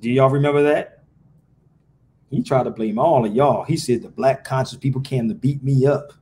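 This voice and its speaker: A man's voice: mid-range voice, normal speed, warm tone, a little hiss or hum. A man hosting a live podcast, ranting profanely and firing rhetorical questions at his viewers. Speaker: podcast host. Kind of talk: casual live-stream rant.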